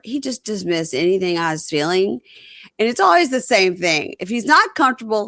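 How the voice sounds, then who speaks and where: A woman's voice: mid-range voice, brisk, no echo, studio quality. A woman hosting a casual podcast chat, recapping a reality show and acting out the quotes with voices. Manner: animated, acts out quotes with voices. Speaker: podcast host.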